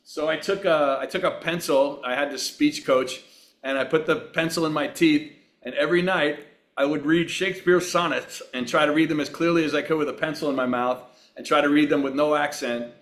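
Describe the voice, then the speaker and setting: A man in his sixties from Long Island, a guest on a podcast, telling relaxed, rambling anecdotes with plenty of fillers. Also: fairly high pitch, brisk. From Long Island, New York. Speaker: guest actor. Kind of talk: relaxed storytelling in a podcast interview.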